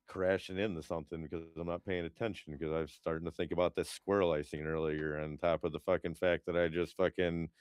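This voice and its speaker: Recorded in studio quality without any echo, a man co-hosts a podcast in a smooth, low voice. His casual storytelling rambles, swears, and leans heavily on fillers.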